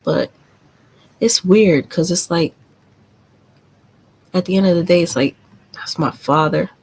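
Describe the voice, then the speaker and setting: A woman's voice: lowish voice, a little slow, slightly rough, rough recording. A woman hosting a live stream, telling a painful family story in a candid, confiding and profane way. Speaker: livestream host.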